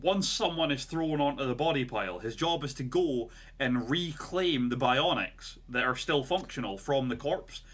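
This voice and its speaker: A man's voice: medium pitch, expressive, moderate pace, few pauses, a bit bright. A man co-hosting a podcast, retelling a story in a casual, rambling way with lots of "like" and "right?". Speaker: podcast co-host.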